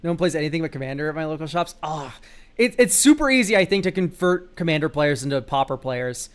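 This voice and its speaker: A man's voice: on the high side, lively intonation, fast, smooth. A young man streaming live, chatting loosely and jokingly as he reviews card game decks, swearing now and then and tossing out goofy exclamations. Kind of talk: casual live-stream chat.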